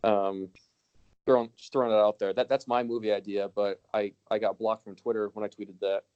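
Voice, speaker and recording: A man's voice: on the low side, flat delivery, brisk, smooth, dull audio. A man co-hosting a casual podcast, ranting with lots of swearing and frequent laughter. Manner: ranting, profane, laughs often. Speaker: podcast co-host.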